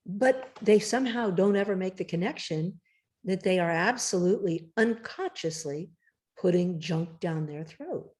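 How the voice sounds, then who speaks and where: A woman author talking emphatically and directly in a casual interview, with a slightly rough morning voice. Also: lowish voice, lively intonation, a little slow, darkish tone. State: morning voice, clearing throat. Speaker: cookbook author guest.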